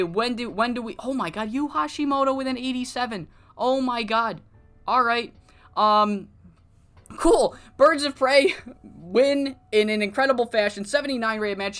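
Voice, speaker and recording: A casual game commentator narrating a wrestling sim save, excitable and swearing freely while paraphrasing characters' promos. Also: mid-range voice, smooth.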